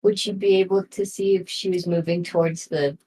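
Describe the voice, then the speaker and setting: A woman's voice: on the low side, steady tone, fairly quick, mellow, poor audio. A woman playing a tabletop role-playing game, speaking tentatively and trailing off mid-thought. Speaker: player.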